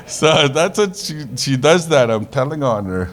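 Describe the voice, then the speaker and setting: Man, conference talk, casual, joking, animated storyteller, mid pitch. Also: normal speed, few pauses. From Canada. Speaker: conference presenter.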